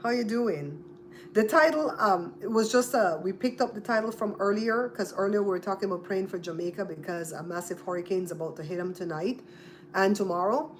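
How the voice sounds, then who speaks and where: A woman's voice: medium pitch, brisk, a little hiss or hum. A woman with a Belizean accent, hosting a casual livestream, chatting with viewers and repeating and spelling out names. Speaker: livestream host. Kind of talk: casual live-stream chat with viewers.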